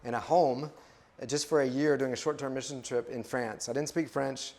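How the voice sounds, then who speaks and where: A man in his fifties tells his own life story in a relaxed, halting way. He keeps restarting his sentences and fills the gaps with uh and um, like a missionary giving his testimony. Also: mid-range voice. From West Texas. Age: 50s. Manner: storytelling, many restarts and fillers. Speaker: missionary speaker. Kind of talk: personal testimony in a sermon.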